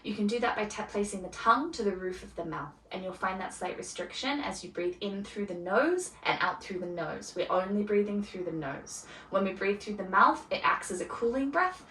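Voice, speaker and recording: Calm woman guiding a yoga class. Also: mid-range voice, a little hiss or hum. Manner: calm, soft-spoken cueing with gentle pauses. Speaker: yoga teacher. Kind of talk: guided yoga class instruction. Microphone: camera mic from a distance. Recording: roomy echo, voice from a distance, faint ambience.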